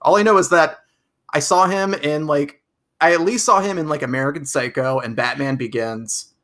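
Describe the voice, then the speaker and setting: A man's voice: fairly high pitch, normal speed, a bit bright. A man co-hosting a movie podcast, chatting casually and rambling with many restarts. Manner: rambling, restarts with stacked repeats. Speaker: podcast co-host. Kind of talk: casual chat.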